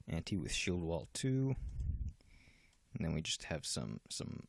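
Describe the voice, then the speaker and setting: Low gravelly man explaining software. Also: a little slow, no echo. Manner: relaxed, explanatory, with fillers and restarts. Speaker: game developer demoing his software. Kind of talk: casual software walkthrough.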